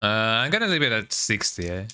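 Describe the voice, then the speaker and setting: A man's voice: medium pitch, very animated, fast talker. A man whose first language is Spanish, commenting casually on his gameplay, chatty and wry, often tagging sentences with a questioning "eh". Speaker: streamer.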